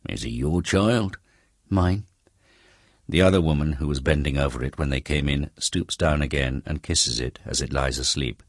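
A man narrating an unabridged classic novel as an audiobook, in a measured, descriptive reading. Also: very deep voice, steady tone, no echo, clean studio sound. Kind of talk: scripted narration.

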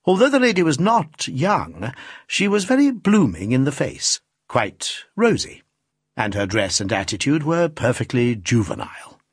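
A man narrating a classic novel as an audiobook, reading in an expressive, theatrical manner. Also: medium pitch, unhurried, slightly rough, no echo, studio quality.

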